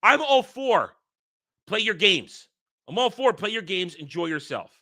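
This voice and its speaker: A man delivering an angry, profane rant as the host of a commentary channel, sometimes breaking into shouts. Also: sits high, big pitch swings, unhurried, no echo, clean studio sound. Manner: heated, profane, shouting at times.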